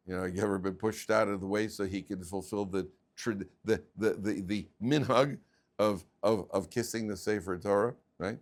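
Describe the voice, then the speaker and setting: A man, a rabbi, teaching a class of students, telling stories and acting out the people in them, often repeating words as he goes. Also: on the low side. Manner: animated storyteller, repeats words, acts out quoted people.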